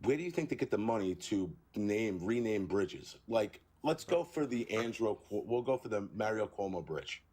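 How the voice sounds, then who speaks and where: A middle-aged man from New York calling into a live stream debate, arguing in a halting, tired way. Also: on the low side, animated, a little mellow. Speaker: caller.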